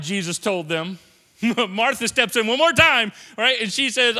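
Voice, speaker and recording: Bright-voiced preacher in an echoing church. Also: male voice, sits high, moderate pace. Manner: animated, joking, swings between soft and loud. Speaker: pastor. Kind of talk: sermon. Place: church sanctuary. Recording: reverberant church sanctuary.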